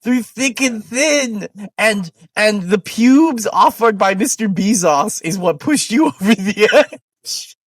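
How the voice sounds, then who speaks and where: A man's voice: high-pitched, lively intonation, takes it slowly, dry recording, studio quality. A man co-hosting a podcast, teasing in casual chat with giggles. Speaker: podcast co-host.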